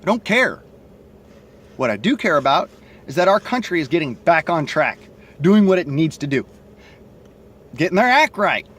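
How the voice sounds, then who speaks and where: A man's voice: on the high side, big pitch swings, normal speed, pauses often, fairly bright tone, husky. A man with a Southern accent and a stutter, talking bluntly and profanely into his cell phone in a rambling monologue. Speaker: vlogger. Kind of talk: casual monologue to camera.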